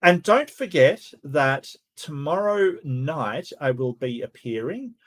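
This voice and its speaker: A man's voice: on the high side, animated, takes it slowly. A man hosting a debate review, talking in casual, sarcastic commentary with laughing asides.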